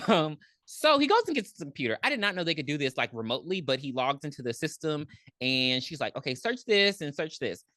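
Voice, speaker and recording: A woman's voice: low voice, brisk, dry recording. A woman co-hosting a podcast, recapping a movie in casual chat and acting out the characters with lots of ums. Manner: animated storytelling, acts out characters, frequent ums. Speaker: podcast co-host.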